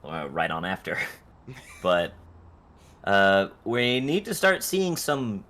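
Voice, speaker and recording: A man's voice: on the low side, sing-song, takes it slowly, fairly bright tone. A man doing casual color commentary on an esports match, chatty, full of uh fillers, acting out what players might say. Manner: chatty, many uh fillers, acts out players' lines. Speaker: esports co-caster.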